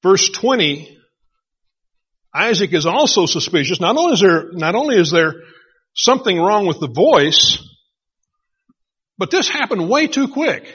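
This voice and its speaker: A middle-aged male pastor delivers a sermon in a chatty, storytelling manner. His voice is bright and somewhat high with a husky grain. The recording sounds dull and lo-fi. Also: a little slow, pauses often. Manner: conversational storytelling, animated retelling.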